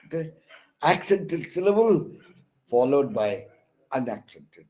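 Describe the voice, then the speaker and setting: An online lecture on poetic meter comes from a counsellor teaching English literature, a man with an Indian English accent. His mid-range, dark voice is expressive and measured, with frequent pauses; he sounds hesitant, using many fillers and restarts, and stresses syllables when reading examples.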